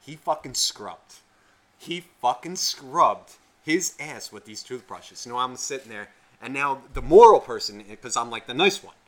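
A man co-hosting a podcast, telling a rambling story in casual chat, profane and animated. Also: medium pitch, measured pace. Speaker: podcast co-host.

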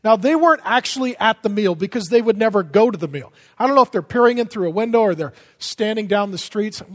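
A high-voiced man preaches with lively energy, jumping from loud bursts to near-whispers. His voice rings out with a long echo from a big hall. The delivery is a pastor's sermon, punchy and conversational. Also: quick pace, hardly any pauses. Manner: animated, swings from loud to hushed. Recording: long reverb of a large hall.

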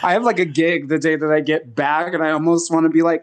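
A man's voice: fairly high pitch, fairly even intonation, quick pace. A man appearing as a guest on a podcast, chatting in a playful, wry way. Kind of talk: casual chat.

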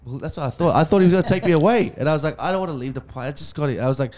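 A young man hosting a casual podcast, telling a story fast, swearing freely, and acting out each person's lines. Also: on the high side, animated, darkish tone. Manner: fast, swearing, acts out dialogue.

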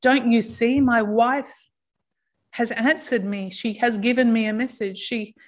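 Woman doing a soft-spoken old widower man, earnest, gentle, tearful, low-key. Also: fairly even intonation, unhurried.

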